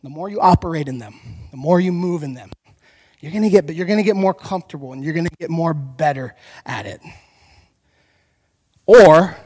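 A male pastor preaching a sermon, telling lively stories and speaking straight to his congregation in a church. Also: a little high, normal speed, pauses often, breathy edge. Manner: lively storytelling, addressing the congregation directly. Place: church hall. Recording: long hall reverb.

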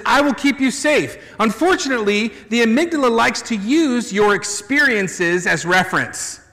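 Bright-voiced male pastor preaching. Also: high voice, big-room sound. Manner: conversational, animated, playful asides. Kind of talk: sermon.

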